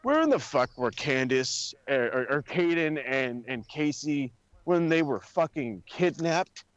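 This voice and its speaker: A man's voice: on the high side, measured pace, no room sound, lo-fi sound. A man co-hosting a wrestling podcast in casual chat, ranting with lots of swearing. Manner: profane, ranting, animated.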